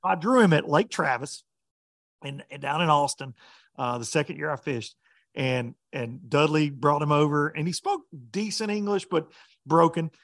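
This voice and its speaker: A man, a professional bass angler, telling a story in casual chat with laughs along the way. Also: normal speed, fairly bright tone, dry recording, clean studio sound.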